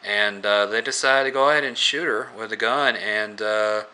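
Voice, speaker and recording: A man casually recapping a movie scene by scene, rambling and halting with many filler words. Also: on the low side, steady tone, sharp tone, smooth. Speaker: movie reviewer.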